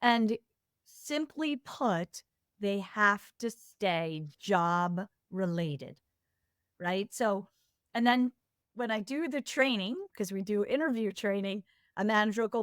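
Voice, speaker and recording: A woman guest speaking as an HR compliance expert, animated and storytelling, acting out the back-and-forth of the people she describes. Her voice sits at a middle pitch and is recorded dry and close. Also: slow pace, smooth, no room sound. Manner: animated storyteller, acts out quoted exchanges. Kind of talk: casual business discussion.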